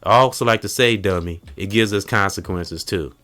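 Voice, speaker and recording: A man hosting a casual podcast, telling stories in an animated way and acting out quotes. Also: lowish voice, normal speed. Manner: animated storytelling, acts out quotes. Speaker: podcast host.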